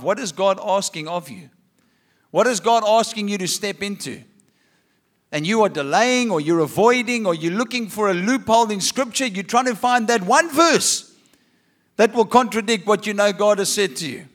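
A man's voice: sits high, expressive, moderate pace, fairly bright tone. A man preaching a sermon, reading scripture and asking rhetorical questions with humorous asides. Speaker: pastor.

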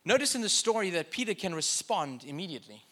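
Bright, forceful male preacher. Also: high voice, big pitch swings, quick pace. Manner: conversational preaching with joking asides. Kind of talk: sermon.

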